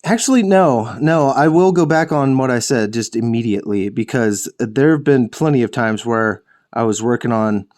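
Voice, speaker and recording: A young man talks casually while painting miniatures, rambling and correcting himself as he goes. He jokes around and curses now and then. His voice sits at an ordinary middle pitch. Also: normal speed, few pauses, a little mellow. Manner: rambling, self-correcting, jokey with swearing. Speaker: host of a miniature painting show.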